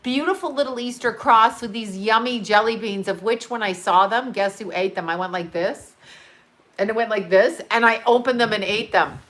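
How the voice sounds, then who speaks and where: A woman's voice: fairly high pitch, normal speed, a bit bright. A middle-aged woman hosting a casual livestream. She reads viewer comments and talks freely, swearing and laughing at her own jokes.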